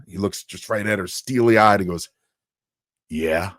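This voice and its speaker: A man co-hosting a casual podcast tells a story with lots of energy, acting out other people's voices, though he sounds worn out and short of breath. His voice is deep, unhurried and a bit bright, recorded in a clean studio with no echo.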